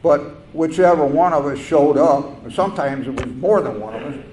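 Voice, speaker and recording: An older man telling a personal story at a recovery meeting, halting and reflective, with fillers and restarts. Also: a little high, a little mellow. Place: meeting hall. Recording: echoey room with faint noise.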